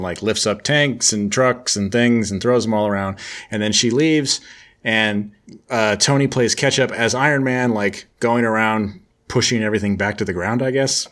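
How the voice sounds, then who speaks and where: A man's voice: mid-range voice, fairly bright tone. A man hosting, casually recapping a comic book with joking, sarcastic storytelling.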